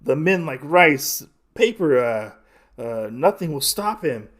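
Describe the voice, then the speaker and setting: A man's voice: a little high, very animated, takes it slowly, fairly bright tone, exaggerated voice. A man doing panicky frightened soldiers. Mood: panicked. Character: panicky male foot soldiers.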